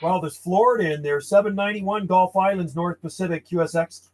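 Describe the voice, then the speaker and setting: A man's voice: high voice, fairly quick, darkish tone, soft background music. A man chatting casually over the radio with distant contacts, rambling and friendly while logging them. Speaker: ham radio operator.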